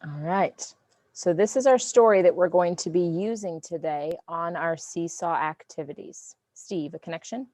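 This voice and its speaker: A woman teacher guides students through an online lesson. She speaks briskly and keeps checking that they are following. Her voice is lowish and the sound is close and dry. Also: dark tone, dry recording. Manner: brisk, checks in with "okay?" and "all right?". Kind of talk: online class instruction.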